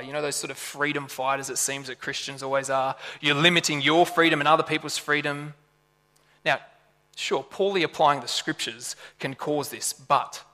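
A man preaching a sermon in a lively, conversational way, full of rhetorical questions. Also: a little high, in a large hall.

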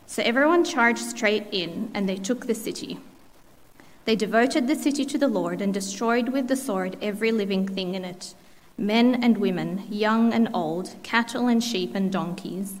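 A woman reading a Bible passage aloud in church, steady and measured. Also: medium pitch. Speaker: scripture reader. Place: church hall. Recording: church hall reverb.

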